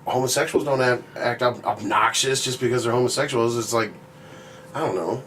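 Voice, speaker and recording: A man's voice: medium pitch, fairly quick, fairly bright tone, a little hiss or hum. A man co-hosting a podcast, talking loosely and swearing a lot, with "you know what I mean" in nearly every line. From grew up on a reservation. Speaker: podcast co-host. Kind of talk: casual chat.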